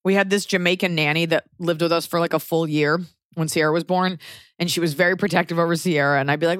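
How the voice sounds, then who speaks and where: Joking, animated woman podcast host. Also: on the low side, dry recording, studio quality. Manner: animated, joking storyteller, quick impressions. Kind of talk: casual comedic chat.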